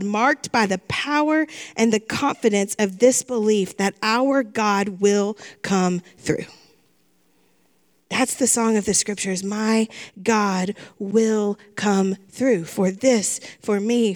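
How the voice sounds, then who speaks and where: A middle-aged woman pastor giving a sermon in an earnest way, repeating phrases for emphasis. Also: a little high.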